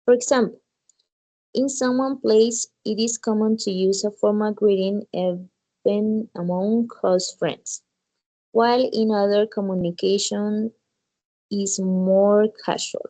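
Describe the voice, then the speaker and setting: A female student reading a text aloud in an English class, carefully and deliberately, with small slips. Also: mid-range voice, fairly even intonation, warm tone, poor audio.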